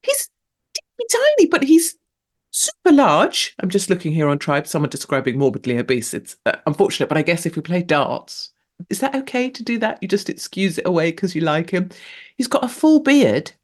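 A woman hosting a show in a casual, rambling monologue. She laughs often and her pitch leaps up sharply for emphasis. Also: expressive, fairly quick, darkish tone. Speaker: show host.

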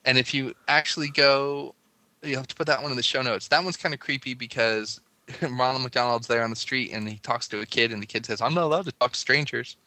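A man's voice: medium pitch, little pitch movement, brisk, bright, forceful tone, no echo. A man co-hosting a podcast in casual chat, rambling and laughing as he talks. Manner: chatty, rambling, laughs often. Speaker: podcast co-host.

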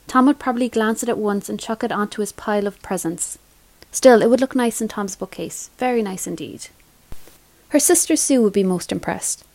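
A woman reads a story aloud in a measured, clear voice at a middle pitch. The sound is dry and close, with no room around it. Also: a little mellow, no room sound. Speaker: reader. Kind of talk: storybook reading.

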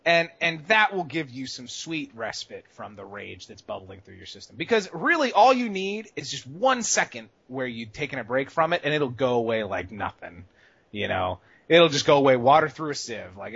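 A man with a lively, forceful, bright voice chats casually on a podcast. He swings between loud, excitable bursts and quiet, muttered asides, and he swears freely. The sound is dry and slightly dull. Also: mid-range voice, normal speed, vocal fry, husky. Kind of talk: casual advice chat about gaming rage.

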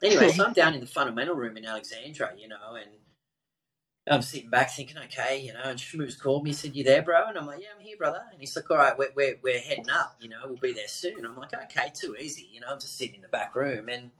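Speaking briskly at a medium pitch, a man hosting a podcast shares a laid-back, lively story full of filler words. The audio quality is poor.

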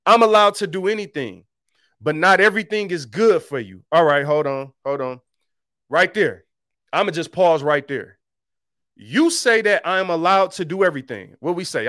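Animated high-voiced man preaching casually. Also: no echo, clean studio sound. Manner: animated and joking, with street slang, mocking voices in quotes. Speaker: podcast host. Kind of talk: casual faith podcast teaching.

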